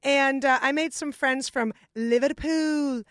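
A woman from Russia, a comedian on a panel show, tossing in wry, deadpan quips. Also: high voice, slow pace, dry recording, studio quality.

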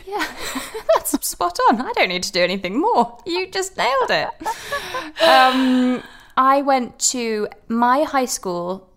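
Woman, quiet posh English accent, podcast guest, casual chat, lots of fillers and restarts. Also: high-pitched, sing-song, slow. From Britain. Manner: chatty and hesitant, full of fillers and restarts.

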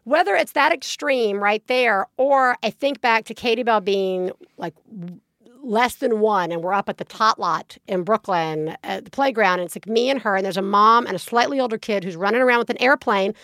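A woman co-hosting a parenting podcast in casual chat, animated storytelling, acting out quotes and swearing freely. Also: mid-range voice, normal speed, no echo, studio quality. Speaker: podcast co-host.

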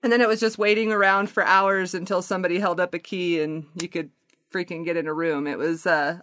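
A woman's voice: on the low side, fairly even intonation, a little fast, a bit bright, no room sound, studio quality. An American woman, a podcast guest, talking candidly and animatedly and laughing often. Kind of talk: casual podcast interview.

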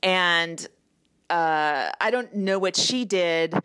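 A woman's voice: fairly low pitch, extremely slow, a bit bright, clear, resonant tone, no room sound, rough recording. A woman co-hosting a podcast in casual chat, telling stories in restarts and asides, out of breath, recorded in a hotel room. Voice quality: rambling, self-interrupting storyteller. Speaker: podcast co-host.

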